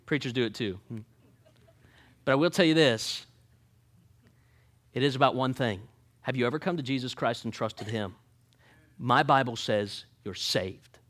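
A man preaching a sermon, folksy and joking, swinging from quiet asides to loud emphatic points. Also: mid-range voice. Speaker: pastor.

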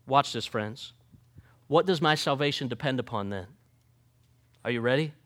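A man preaching a sermon, folksy and joking, swinging from quiet asides to loud emphatic points. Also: mid-range voice, moderate pace. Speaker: pastor.

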